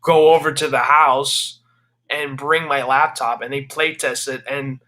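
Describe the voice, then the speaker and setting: A man's voice: mid-range voice, steady tone, measured pace. A young man, a game developer guest, chats casually and eagerly, talking at length and responding with easy agreement. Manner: eager and talkative, warm agreement. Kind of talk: casual chat.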